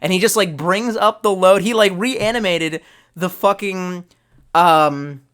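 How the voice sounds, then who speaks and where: A man's voice: high voice, measured pace, fairly bright tone. A young man streaming live, chatting loosely and swearing a lot, trailing off and restarting as he reads chat. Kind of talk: rambling casual stream chat.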